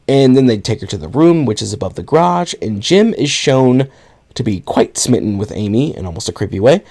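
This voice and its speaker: Brief: male podcast co-host, mid-pitched, loose casual recap, laughs and swears freely. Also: big pitch swings, a little fast, a little mellow. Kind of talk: casual chat recapping a film.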